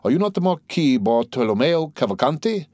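A man reading the part of a suave, courteous nobleman count, speaking in a smooth, measured way. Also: on the high side, big pitch swings, mellow, dry recording, studio quality, pitched above the performer's own voice.

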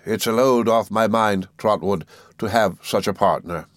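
A man doing a dull, weary old gentleman. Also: lowish voice, unhurried, no room sound, natural voice. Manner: monotonous, forced, flat.

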